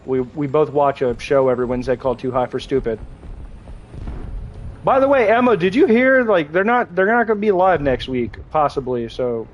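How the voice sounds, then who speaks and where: A man's voice: fairly high pitch, animated, moderate pace, lo-fi sound, a little hiss or hum. A young man livestreaming a game, talking casually with his viewers in a crude, joking, rambling way, with lots of restarts. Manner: crude, joking, chats with viewers while playing; rambling with frequent restarts and laughter. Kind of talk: casual gaming livestream chat.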